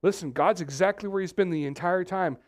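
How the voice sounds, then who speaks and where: A man's voice: sits high, a little fast. A man from Texas, preaching a sermon as pastor and wandering into joking asides.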